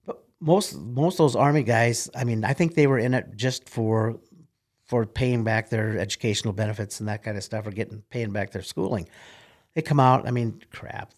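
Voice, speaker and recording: An older man, a retired military officer, telling folksy rambling stories in an interview. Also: mid-range voice. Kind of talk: casual storytelling in an interview.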